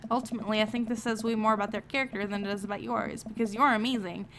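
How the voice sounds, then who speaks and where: A woman's voice: medium pitch, steady tone, quick pace, a bit bright, slight background noise, close to an everyday voice. A woman reading the lines of a caring father giving his daughter earnest advice in a game. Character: gentle caring father, middle-aged man.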